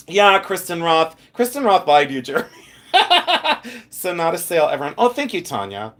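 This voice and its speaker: A man's voice: a little high, very animated, normal speed, a bit bright. A chatty man hosting a live jewelry stream from his second house, reading viewer comments aloud and teasing people with lots of giggles.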